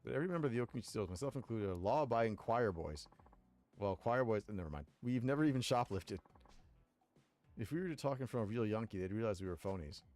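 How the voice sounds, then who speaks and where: A man's voice: on the low side, expressive, fast, darkish tone, soft background music, close to an everyday voice. A man voicing a polite, timid male punk band singer in a game, talking earnestly and apologetically. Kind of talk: reading game dialogue aloud.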